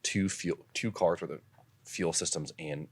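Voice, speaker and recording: A young man, a podcast guest, telling stories in casual chat, animated and laughing often, swearing freely. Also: low-pitched, unhurried, husky. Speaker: podcast guest, car builder and drifter.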